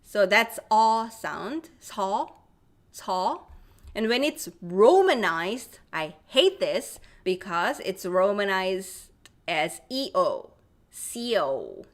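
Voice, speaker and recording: Brief: Korean-accented woman, mid-pitched voice, teaching a live online language class, reads out viewer comments and drills sounds by repetition. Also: big pitch swings, slow pace. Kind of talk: live-streamed language lesson.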